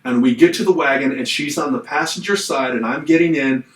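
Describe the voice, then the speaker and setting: A man's voice: mid-range voice, fairly quick, roomy sound, far from the mic, rough recording. A middle-aged man co-hosting a podcast, telling a long personal story in casual chat and acting out the voices in it. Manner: animated storyteller acting out quotes. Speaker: podcast co-host.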